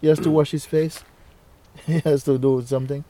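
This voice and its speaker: A male spiritual teacher speaking to a listener in a gentle, playful way, laughing often and using nonstandard English grammar. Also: on the high side, flat delivery, normal speed. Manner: gentle, playful, laughs often, repeats "you see" and "huh".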